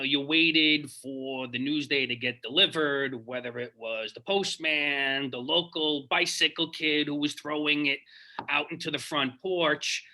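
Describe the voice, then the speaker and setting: A man's voice: fairly high pitch, bright, forceful tone. A man hosting an interview, asking long, chatty and curious questions. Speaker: interviewer, host.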